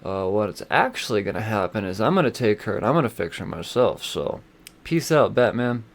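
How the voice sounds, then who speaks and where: A man's voice: lowish voice, very animated, brisk. A man doing a sly, dismissive villain. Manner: dismissive, slangy, rambling. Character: sly, cold male villain breaking his word.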